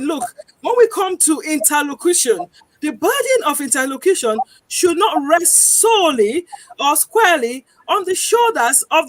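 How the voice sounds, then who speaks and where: A woman with a high voice speaks as a guest on a television discussion. She explains earnestly and drives her points home by repeating them. The sound is close and dry. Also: a bit bright, no echo. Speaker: guest campaigner.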